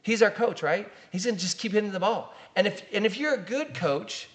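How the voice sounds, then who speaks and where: A middle-aged man, a pastor, talks in a relaxed podcast chat. His voice sits somewhat high, and he leans into animated storytelling, playing out each quoted line. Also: fairly quick. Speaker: pastor and guest. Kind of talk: casual podcast conversation.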